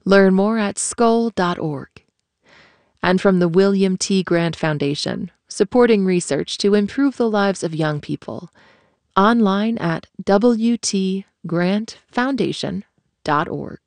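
A woman announcer reading funding credits in an even, formal way. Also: medium pitch, slow pace, dry recording. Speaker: sponsor announcer. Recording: dry close studio sound.

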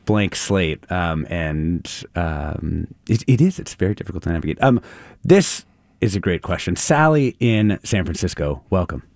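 Lively male radio host. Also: sits low, unhurried, vocal fry, no room sound, clean studio sound. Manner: animated, thinking aloud with restarts. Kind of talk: call-in radio chat.

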